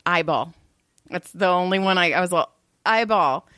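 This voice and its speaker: A woman's voice: on the low side, moderate pace, dry recording, studio quality. A woman in her thirties co-hosting a casual podcast, telling stories with lots of swearing and laughter. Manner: profane, animated storytelling with laughs. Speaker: podcast co-host. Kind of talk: casual chat.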